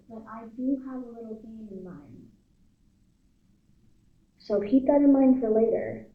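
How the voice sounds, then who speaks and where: Eager young woman on echoey camera audio. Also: fairly high pitch. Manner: eager, quick bursts of talk. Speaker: paranormal investigator. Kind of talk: casual chat while ghost hunting. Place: large old house, indoors. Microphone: handheld camera. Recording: echoey, muffled, noisy camera audio from a distance.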